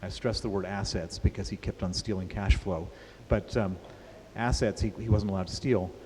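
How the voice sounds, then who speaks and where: A man's voice: fairly low pitch, steady tone, normal speed, a little mellow. Man telling a story in a reverberant hall. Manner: repeats words and restarts often, plain and matter-of-fact. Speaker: author speaking at a festival. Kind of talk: onstage interview storytelling. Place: large hall with an audience. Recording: hall reverb with faint hiss.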